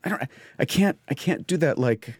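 A man hosting a podcast, talking in an excitable, rambling comedic monologue from his studio. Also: a little high, fairly quick, slightly rough. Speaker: podcast host. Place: home studio.

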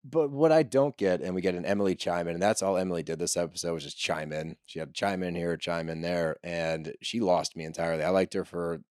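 A man's voice: sits low, quick pace, few pauses, a little mellow, dry recording, clean studio sound. A man co-hosting a podcast, giving opinionated and casual recaps of reality TV and swearing freely. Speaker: podcast co-host.

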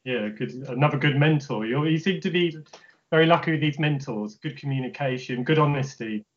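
A man's voice: fairly high pitch, a little fast, muffled recording. A man interviewing an artist, asking questions and giving short affirmations. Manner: affirming, many short acknowledgements.

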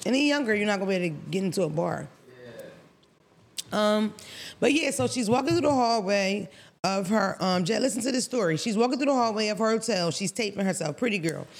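Blunt, profane woman with a gravelly voice. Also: mid-range voice, animated, moderate pace. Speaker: podcast co-host. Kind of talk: casual podcast storytelling.

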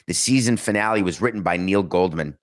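A podcast host delivers a solo monologue in a low, fairly quick male voice. He speaks emphatically, packing in sarcasm and rhetorical questions.

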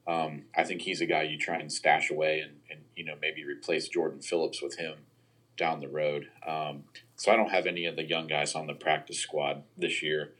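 Very deep, husky-voiced man. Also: little pitch movement, moderate pace, a bit bright. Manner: hedging, analytical, frequent "you know" and "um". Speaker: sports analyst guest. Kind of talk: casual football podcast chat.

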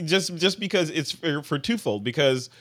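A man's voice: fairly high pitch, animated, normal speed, a bit bright. A man hosting a podcast in casual panel chat, talking animatedly and playfully, slipping into other people's voices to make a point. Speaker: podcast host.

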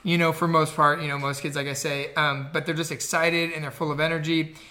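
Man, podcast guest, casual storytelling, bright forceful tone, slightly higher pitch, swears a lot, filler-heavy. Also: flat delivery, brisk, a little hiss or hum. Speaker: coach.

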